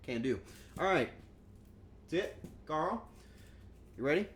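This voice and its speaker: A man's voice: on the high side, expressive, slow pace, a bit bright, slight background noise. A man chatting casually on a cooking stream, joking and rambling, and acting out quotes in goofy voices.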